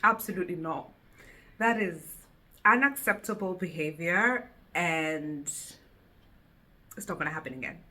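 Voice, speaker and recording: A woman chatting casually to camera in a solo vlog, giggly and animated, seated indoors at home and picked up by the camera mic. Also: lowish voice, unhurried, long pauses. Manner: giggly, animated, self-teasing. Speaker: vlogger. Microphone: camera mic, no lapel.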